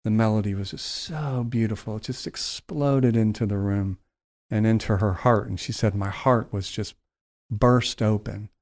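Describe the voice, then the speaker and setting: A low-voiced man tells a heartfelt story on a podcast. He lets his voice drop and slow at the tender moments, drawing the listener in. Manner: slows down and softens for emotional moments.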